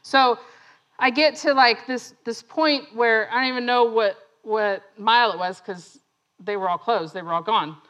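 A woman's voice: a little high, moderate pace, dull audio. A woman telling a personal story that turns into a lesson, laughing often and acting out other people's lines. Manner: laughing often, animated retelling; acts out other voices in her story. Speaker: speaker sharing a testimony.

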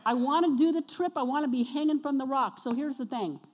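A woman preaching a sermon to her congregation, energetic and exhorting, often questioning the listeners. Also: high-pitched, brisk, dull audio. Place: church sanctuary. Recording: long reverb of a church hall.

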